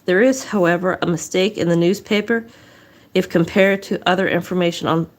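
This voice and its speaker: Casting note: woman narrator, a bit low-pitched, reading history aloud casually, short of breath, restarts lines, drops dry asides. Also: a little fast. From southwest Nova Scotia. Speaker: storyteller reading local history.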